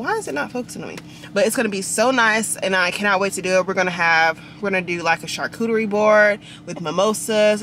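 A woman's voice: medium pitch, fairly bright tone, a little hiss or hum, rough recording. A young woman vlogging in a bubbly, chatty way, talking straight to her viewers. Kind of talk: casual vlog chat.

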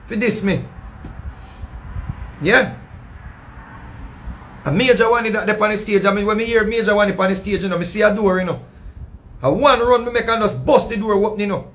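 High-voiced man with a Jamaican accent. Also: fairly quick, long pauses, slight background noise. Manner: animated, acting out what others said. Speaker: storyteller recounting a past show. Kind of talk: casual storytelling in patois.

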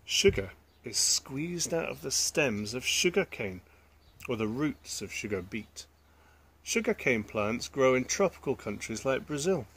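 A man's voice: medium pitch, expressive, unhurried, fairly bright tone, breathy edge. A man reading a children's picture book aloud, adding chatty asides to the listeners. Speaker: storyteller.

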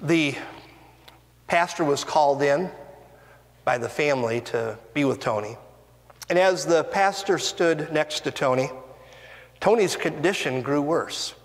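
A man pastor preaching a sermon in a church sanctuary, earnest and deliberate, with rising and falling emphasis. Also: on the high side. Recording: long reverb of a church hall.

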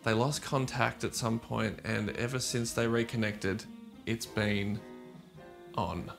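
A man's voice: fairly low pitch, steady tone, slow pace, gravelly, music in the background, pitched below the performer's own voice. A man playing an awkward, hesitant host meeting a friend's new partner. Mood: coaxing.

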